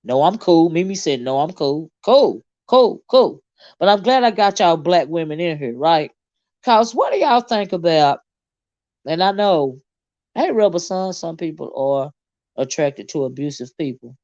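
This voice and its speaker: Woman, livestream host, indignant rant, swears a lot, very expressive pitch, lo-fi sound. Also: measured pace, dry recording. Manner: animated, indignant, swears freely, reads chat aloud. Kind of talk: casual livestream chat.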